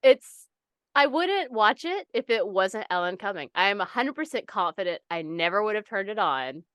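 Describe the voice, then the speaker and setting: Animated woman in smooth, dry casual chat. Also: moderate pace, no room sound. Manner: animated, swearing, acts out people's reactions in high squeals. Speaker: podcast co-host.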